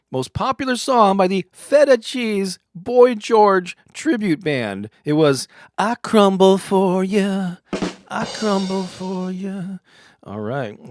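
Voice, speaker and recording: A man's voice: fairly high pitch, no room sound, studio quality. A man hosting a live stream, reading corny cheese jokes and laughing at his own puns.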